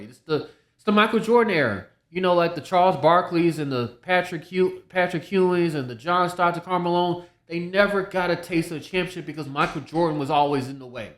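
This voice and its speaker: On his solo sports podcast, a man talks casually in a fairly high, reverberant voice. He often repeats himself and restarts his sentences.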